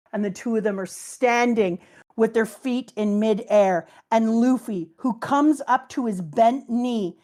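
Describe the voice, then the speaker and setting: Middle-aged woman, slightly high voice, animated storyteller who drops low for character lines. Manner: excited, acts out character lines in a lowered voice. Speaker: co-host reading and discussing a manga. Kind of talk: casual chat.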